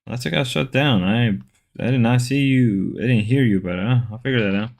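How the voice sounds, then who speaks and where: A man's voice: mid-range voice, a little fast, creaky. Rambling male livestream host. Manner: rambling, repeats words, chatty. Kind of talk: casual livestream chat reading viewer comments.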